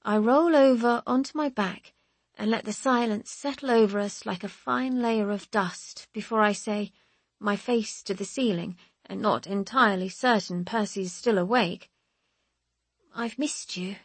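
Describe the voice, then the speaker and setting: A woman narrating a first-person audiobook in a wry, measured, expressive way. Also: mid-range voice, breathy edge, no echo.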